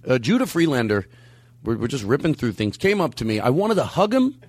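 A man hosting a podcast in casual chat, rambling and animated, jumping his voice up high when he quotes people. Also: brisk, dry recording. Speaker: podcast host. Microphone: studio mic.

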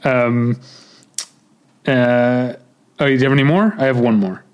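Midwestern man, podcast co-host, mid pitch, loose rambling delivery full of ums. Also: steady tone, unhurried, lo-fi sound. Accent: Midwestern American. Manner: rambling, lots of fillers and self-corrections. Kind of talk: casual chat.

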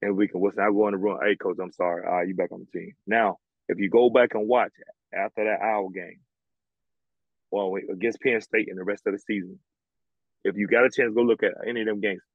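A man with a lowish voice who speaks a little fast recounts his days as a college basketball player, blunt, animated, and full of swearing, in a casual interview. He's from the American South; the audio is dry, narrow, and tinny.

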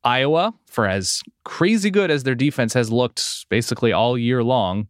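A man's voice: medium pitch, expressive, normal speed, no room sound, clean studio sound. A man co-hosting a casual sports podcast, breaking down stats in a chatty, self-correcting way. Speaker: podcast co-host.

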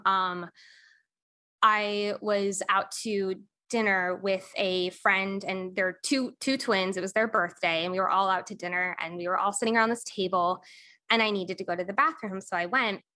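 A young adult woman, a podcast guest and coach, telling a painful personal story candidly, with many pauses and fillers. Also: medium pitch, pushed and bright.

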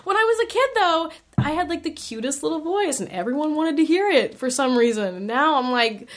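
A young woman chatting as a podcast guest, bubbly and giggly, telling stories in quick bursts. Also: high-pitched, expressive. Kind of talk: casual chat.

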